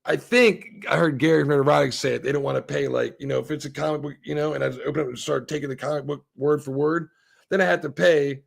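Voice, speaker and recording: A man's voice: a little high, fairly even intonation, quick pace, vocal fry. A man co-hosting a live stream, ranting casually with lots of swearing and restarts. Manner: profane, rambling rant with many restarts. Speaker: stream co-host.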